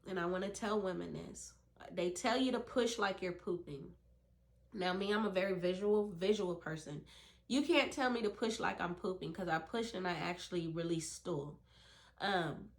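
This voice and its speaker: A woman telling her own birth story to camera, earnest and emphatic, speaking directly to other women. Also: mid-range voice.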